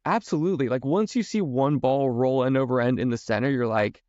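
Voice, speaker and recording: A man's voice: mid-range voice, brisk, a little mellow, dry recording, muffled recording. A man hosting a golf podcast, telling stories with enthusiasm and stumbling over repeated words. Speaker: podcast host and golf coach. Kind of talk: casual podcast conversation.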